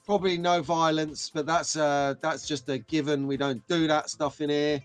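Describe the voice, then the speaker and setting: A chatty, excitable British man in middle age hosts a casual live stream, greeting viewers one by one. His voice sits fairly high for a man. Faint music plays underneath. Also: normal speed, clean tone.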